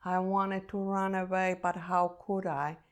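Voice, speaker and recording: A woman speaking in a slightly low voice, unhurried and deliberate. She is a meditation teacher telling a personal story, earnest, emotional and reflective throughout. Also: flat delivery.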